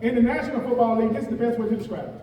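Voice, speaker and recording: A man in his forties giving an animated, joking motivational speech to young athletes, calling out to the crowd. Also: very high voice, racing, slight background noise. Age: 40s. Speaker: guest speaker. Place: large event hall. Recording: echoey hall, voice picked up from far off.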